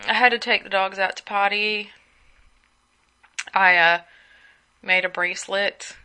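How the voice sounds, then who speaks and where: A woman's voice: mid-range voice, steady tone, unhurried, pushed and bright, smooth. A sleepy young woman chatting casually at home as a solo podcast host, gossiping and rambling with asides. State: sleepy, yawning.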